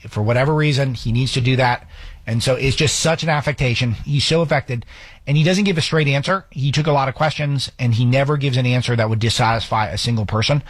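Husky, sarcastic talk radio man. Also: medium pitch, dry recording. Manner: fast, sarcastic, with restarts. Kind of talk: opinionated radio commentary.

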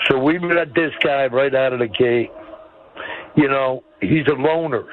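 A man's voice: medium pitch, a little slow. A man in his seventies calling in to a radio show, blunt and folksy. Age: 70s. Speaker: caller. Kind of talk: call-in radio chat. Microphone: phone call. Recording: dull phone line.

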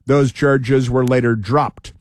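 A man's voice: mid-range voice, fairly even intonation, slow, dry recording, studio quality. A man hosting political commentary, reading news aloud with sarcastic asides, fillers and restarts.

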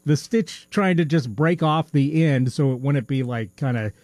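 A man with a mid-range, slightly mellow voice co-hosts a podcast, moving at a moderate pace as he rambles through a story in casual chat. He hesitates often, with many ums and little laughs, and a missing tooth gives him a slight lisp. The recording is dry and close, with no room sound.

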